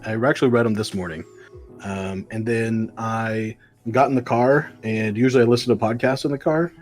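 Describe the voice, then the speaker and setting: A man's voice: on the low side, steady tone, moderate pace, soft background music. Rambling podcast co-host, casual male. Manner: rambling retelling with many ums and likes. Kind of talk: casual comic book review chat.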